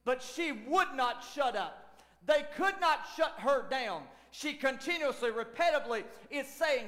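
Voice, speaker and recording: A man preaching a sermon as lead pastor, animated, swinging from shouts to near whispers. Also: extremely high pitch, a little slow. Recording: long church hall reverb.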